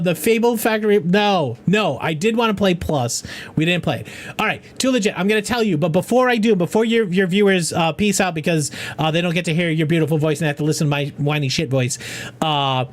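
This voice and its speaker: A man's voice: high-pitched, lively intonation, moderate pace. A middle-aged man hosting a casual charity game livestream, talking loosely and profanely, often restarting his sentences. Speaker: charity gaming streamer.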